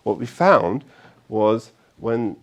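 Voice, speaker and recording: A man speaking to an audience at a meetup, telling stories in a chatty, animated way with fillers and frequent tag questions. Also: fairly low pitch, extremely slow, highs cut off. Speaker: conference speaker. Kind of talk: live talk to an audience. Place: meetup event room.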